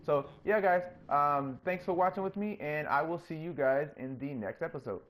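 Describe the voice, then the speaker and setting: A man hosting his own gaming channel, chatting casually through his gameplay and getting openly excited when things work. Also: normal speed. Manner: coaxes the game character in a higher, playful voice.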